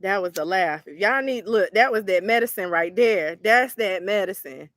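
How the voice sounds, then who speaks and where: Laughing woman tarot reader, very animated. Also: medium pitch, normal speed, no room sound, clean studio sound. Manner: laughing hard, wheezing. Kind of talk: casual livestream chat.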